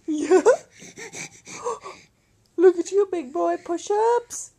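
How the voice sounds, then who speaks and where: High sing-song mother cooing baby talk. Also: extremely slow, warm tone. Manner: playful sing-song coaxing with frequent laughter. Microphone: handheld camcorder.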